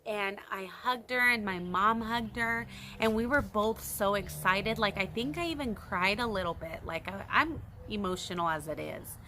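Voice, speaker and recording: Bright-voiced young woman telling a story. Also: medium pitch, slight background noise. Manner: excited, animated, squealing in quoted reactions. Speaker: vlogger. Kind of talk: casual storytime.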